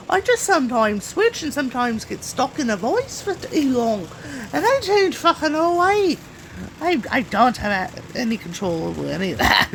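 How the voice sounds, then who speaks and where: A woman's voice: sits high, very animated, moderate pace, noisy background. A woman hosting a reaction video in casual, rambling commentary, talking to herself and swearing now and then. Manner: rambling, swears, talks to herself while browsing.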